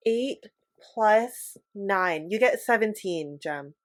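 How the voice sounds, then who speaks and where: A woman playing a tabletop game, excitable and laughing often. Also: mid-range voice, slow pace, no room sound, clean studio sound. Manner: animated, laughs a lot, excitable. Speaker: player. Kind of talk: casual tabletop play.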